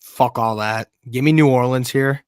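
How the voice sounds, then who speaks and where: Hoarse joking man, dry sound. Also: mid-range voice, moderate pace, no echo. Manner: loud, joking, swears freely. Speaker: podcast co-host. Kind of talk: casual sports chat.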